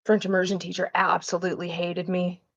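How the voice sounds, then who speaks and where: A woman's voice: lowish voice, flat delivery, a little fast, fairly bright tone, highs cut off. A woman chatting casually while she cooks, swearing freely and acting out the people she quotes. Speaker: vlogger. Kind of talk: casual storytelling while cooking. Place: home kitchen.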